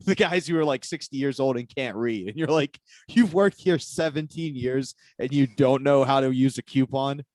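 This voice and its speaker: A man's voice: medium pitch, normal speed, few pauses, a little mellow, no echo, studio quality. A man co-hosting a casual comedy podcast, riffing with sarcastic jokes. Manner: joking, sarcastic riffs.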